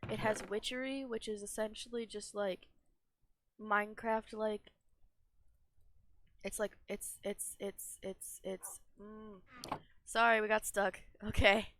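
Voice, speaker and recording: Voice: medium pitch, level tone, takes it slowly, long pauses, fairly bright tone. A young adult streamer giving casual, rambling gameplay commentary, self-deprecating and often laughing. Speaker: gaming streamer.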